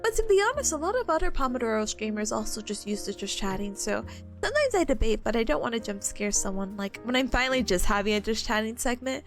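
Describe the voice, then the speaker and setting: A young adult woman with a slightly high, very animated voice streams and chats casually with her viewers at a quick pace. She rambles and laughs often between emotional asides, with faint music behind her voice.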